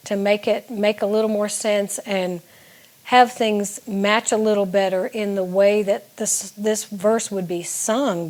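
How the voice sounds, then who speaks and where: A woman's voice: medium pitch, a little mellow. A woman songwriter talking casually to the camera, explaining her lyrics in an earnest, reflective way.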